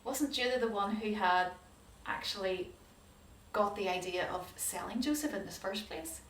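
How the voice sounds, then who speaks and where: A woman telling a Bible story to children as a Sunday school teacher, animated and asking her listeners questions. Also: mid-range voice, normal speed, slight background noise. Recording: roomy hall, distant mic.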